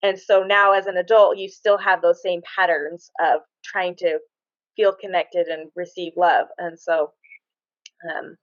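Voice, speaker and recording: A woman's voice: fairly low pitch, flat delivery, measured pace, no room sound, dull audio. A woman in a casual book club discussion, talking chattily with many fillers and restarts.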